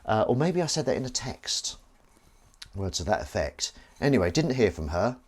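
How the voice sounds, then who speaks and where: Playful chatty Englishman, lively pitch. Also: moderate pace, husky. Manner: chatty, playful, rambling with silly asides. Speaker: streamer host. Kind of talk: live-stream chat while washing up.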